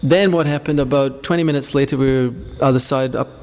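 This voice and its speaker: A man's voice: medium pitch, steady tone, fairly quick, in a large hall. A man leading a devotional group, talking informally and telling rambling anecdotes between questions. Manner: rambling, anecdotal, warm storytelling.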